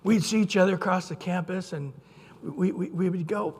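A man preaching a sermon as pastor, earnest and storytelling, with sudden loud quoted outbursts. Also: high voice, normal speed, husky. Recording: long hall reverb.

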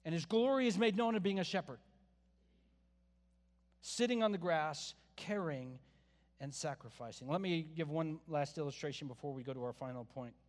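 A fairly high-voiced man preaching in a relaxed, conversational way, with joking asides to his listeners. His voice rings out with a long reverb trail, as in a large hall. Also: normal speed. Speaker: pastor. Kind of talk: sermon.

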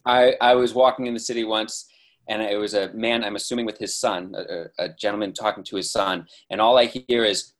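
A man's voice: on the low side, steady tone, a little fast. A man in a casual chat over a video call, telling rambling anecdotes with many restarts.

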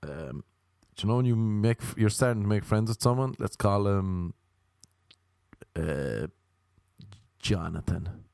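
A man's voice: lowish voice, lively intonation, a little slow, vocal fry, long pauses, darkish tone, no room sound. A man doing a casual comic monologue, rambling, profane and self-mocking.

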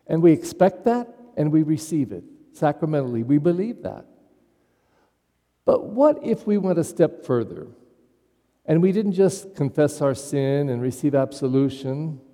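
A man's voice: on the high side, dark tone. A man who is a pastor, giving a conversational homily and putting questions to his congregation. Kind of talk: sermon. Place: church. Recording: long church reverb.

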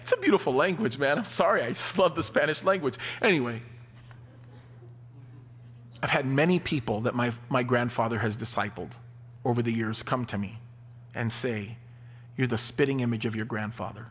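A man preaching a sermon, telling stories in an animated way. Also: medium pitch, moderate pace, pauses often, slightly rough. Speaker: pastor. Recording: long hall reverb.

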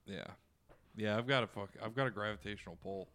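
A man's voice: on the low side, fairly bright tone. A young man co-hosting a podcast, chatting casually with lots of swearing and rambling restarts. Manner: rambling, profane, quick to mimic others. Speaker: podcast co-host. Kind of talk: casual profane banter.

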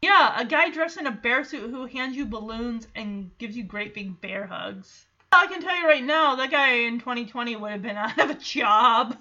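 Bright, high-voiced woman podcast host. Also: moderate pace, hardly any pauses. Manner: animated, acts out characters' lines with laughs. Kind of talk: casual episode recap. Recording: slightly dull lo-fi sound.

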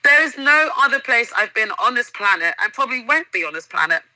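A woman's voice: a little high, expressive, fairly quick, sharp tone, no echo, low-quality recording. A woman in casual interview chat, telling stories enthusiastically and vividly as a guest. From England.

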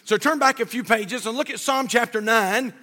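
A man's voice: very high voice, normal speed, sharp tone, long reverb tail. An older man preaching a sermon from a church pulpit, in a folksy, fervent way with many repeats. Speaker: pastor.

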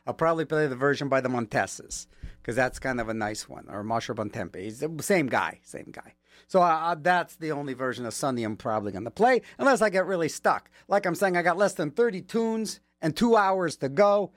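A man's voice: a little high, no echo. A man working as a radio DJ, chatting casually between songs with rambling, joking asides, from a studio mic.

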